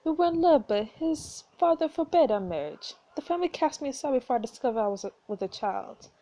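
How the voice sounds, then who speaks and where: A woman voicing a gentle dying mother who speaks softly and weakly, read aloud from a story game. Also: high-pitched, expressive, brisk, pitched above the performer's own voice. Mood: tender, weak. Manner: soft, faint, pleading.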